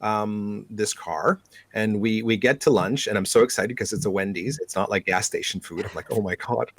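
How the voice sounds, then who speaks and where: A man's voice: lowish voice, normal speed, breathy edge, dry recording. A man co-hosting a podcast, telling road trip stories casually and acting out the people he met. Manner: animated storyteller, acts out quotes. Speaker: podcast co-host. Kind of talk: casual storytelling chat.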